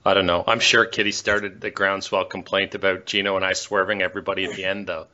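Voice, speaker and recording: A man co-hosting a podcast, telling a story in a measured, thoughtful way. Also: low-pitched, flat delivery, sharp tone, dull audio. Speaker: podcast co-host. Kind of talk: casual podcast chat.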